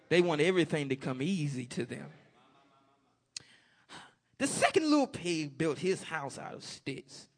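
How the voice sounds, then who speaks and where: Lively high-voiced preacher. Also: male voice. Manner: folksy storytelling preaching, calls amen, laughs with the congregation. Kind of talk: sermon.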